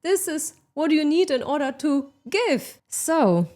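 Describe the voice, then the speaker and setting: A woman delivers a motivational self-help talk in a slightly high voice. She speaks slowly and deliberately, stressing her key points and slipping in sarcastic asides. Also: sing-song, a little mellow. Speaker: self-help podcast host.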